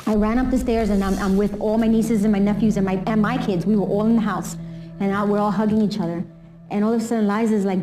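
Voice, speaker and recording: A woman's voice: medium pitch, low-quality recording. A woman recounting a family memory in a candid documentary interview, telling it with emotion and animation.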